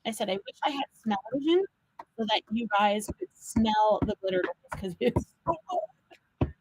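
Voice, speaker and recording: A woman hosting a live card-making demo, chatting with viewers and talking them through each step as an animated storyteller. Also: a little high, normal speed, noisy background. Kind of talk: live crafting demo chat.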